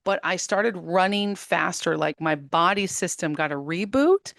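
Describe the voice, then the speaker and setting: Animated woman, low voice, dry sound. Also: a little slow, vocal fry, no echo. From United States. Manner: animated storyteller, laughs often. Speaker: guest. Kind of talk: casual interview talk.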